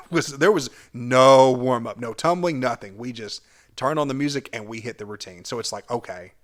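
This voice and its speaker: A young man telling a personal story about his school cheer days, vividly and animatedly, his loudness rising and falling with the tale. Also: mid-range voice, moderate pace. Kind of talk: storytelling vlog.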